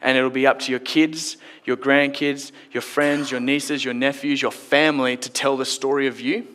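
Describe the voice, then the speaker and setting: A man's voice: medium pitch, flat delivery, moderate pace, a bit bright, a little hiss or hum. A man preaching a sermon in church, in a conversational, playful storytelling way. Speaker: pastor.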